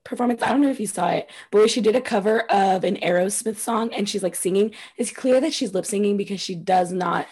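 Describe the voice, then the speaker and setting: A woman's voice: mid-range voice, fast, few pauses, darkish tone, breathy edge. A young woman co-hosting a podcast in casual chat, chatty and laughing often, swearing freely. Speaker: podcast co-host.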